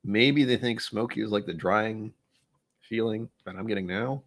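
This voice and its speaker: Male streamer, low-pitched, loose and rambling, chats to chat between sips. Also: normal speed, a bit bright. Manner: rambling, offhand, thinks aloud. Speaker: livestream host. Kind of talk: casual whiskey-tasting livestream chat.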